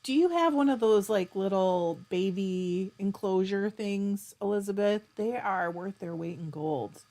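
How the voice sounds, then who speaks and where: A woman's voice: mid-range voice, a little slow. Chatty woman hosting a live stream. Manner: chatty, reads out comments and answers them warmly. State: keeps clearing her throat. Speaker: livestream host. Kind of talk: casual live-stream chat reading viewer comments.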